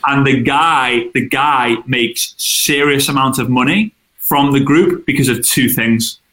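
A man, a guest in an interview, chatting casually and telling animated stories with acted-out quotes. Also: mid-range voice, a little slow. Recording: roomy echo.

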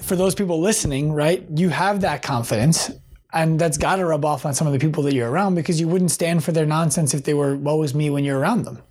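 Higher-voiced male podcast host. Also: fast, a little mellow. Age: 30s. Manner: conversational, asks probing questions. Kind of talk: casual interview.

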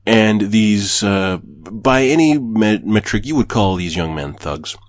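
A man with a fairly low voice, telling a story at an easy pace on a podcast. He sounds relaxed and chatty. The recording is dry and close. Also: slow, no echo. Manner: laid-back anecdotal storyteller. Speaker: podcast co-host. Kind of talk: casual chat.

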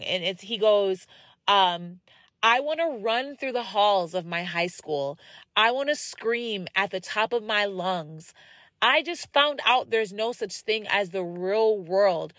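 A young woman hosts her podcast in a casual monologue, slipping into quoted voices as she tells her stories. Her voice sits a touch high, and the close, dry recording has no room sound. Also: no room sound. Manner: animated storyteller, acts out quoted voices; encouraging, direct address to listeners. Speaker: podcast host. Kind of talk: casual faith-based monologue.

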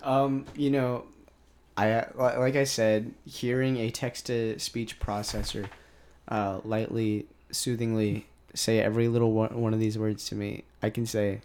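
A man's voice: lowish voice, little pitch movement, measured pace, darkish tone, clear, resonant tone. A man co-hosting a comedy podcast, reading bad fan fiction aloud with mock drama and joking banter. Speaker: podcast co-host.

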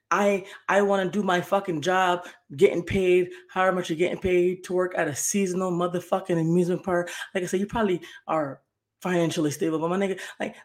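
A woman's voice: fairly low pitch, fairly even intonation, fairly quick. A young woman hosting a podcast, telling a story in a heated, profane, repetitive rant. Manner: heated, profane, repeats herself. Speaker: podcast host.

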